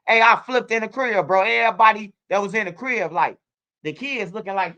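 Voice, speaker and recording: A man in his forties chats loosely as a guest, spinning animated stories full of slang and swearing. His voice is bright and forceful with a smooth, crisp tone. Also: sits high, brisk. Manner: animated storytelling, street slang and profanity, frequent restarts. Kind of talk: casual interview chat.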